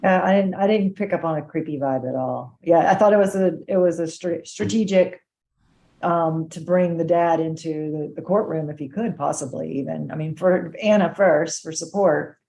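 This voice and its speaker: A woman's voice: deep voice, moderate pace, gravelly, mellow. A woman co-hosting a live podcast, talking casually and hesitantly, restarting her sentences. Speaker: podcast co-host. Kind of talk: casual live-stream chat.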